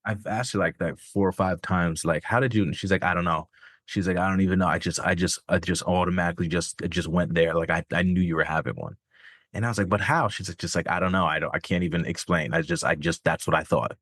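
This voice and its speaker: A man's voice: low voice, fairly even intonation, fast, fairly bright tone, dry recording, clean studio sound. A middle-aged man, a podcast guest, telling a personal story in a candid, casual way, swearing freely and filling his talk with "man" and "like". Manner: casual, profane, many fillers like "man" and "like".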